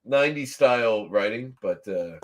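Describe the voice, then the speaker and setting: A man's voice: medium pitch, animated, moderate pace. A man from Nova Scotia co-hosting a casual review podcast, rambling with many ums and restarts. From Canada, Nova Scotia. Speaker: podcast co-host.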